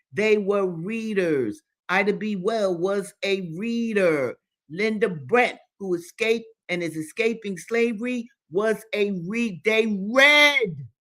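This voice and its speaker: Woman, book reader and host, slow delivery, emphatic, repeats phrases for stress, impassioned commentary. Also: medium pitch, animated, a bit bright. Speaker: host reading books aloud.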